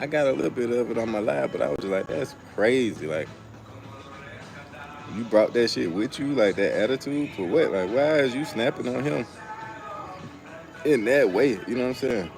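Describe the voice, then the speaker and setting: A man's voice: medium pitch, lively intonation, moderate pace, vocal fry, pauses often. A young man hosting a casual livestream outdoors, telling stories in loose slang and talking to his chat. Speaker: livestream host. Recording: music playing loudly behind.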